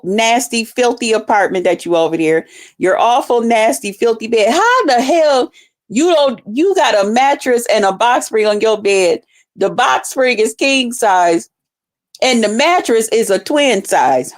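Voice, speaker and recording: A woman's voice: fairly high pitch, expressive, a little slow. A woman hosting a livestream, ranting heatedly and profanely while talking straight to her viewers. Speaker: livestream host. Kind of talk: casual livestream rant.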